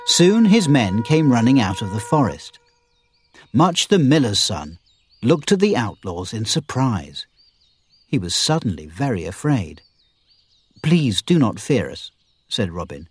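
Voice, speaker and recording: A man narrates a storybook with expressive, scripted delivery. His voice is husky and moves up and down a lot in pitch. The sound is dry and close to the mic. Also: a little slow, no room sound. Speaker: audiobook narrator.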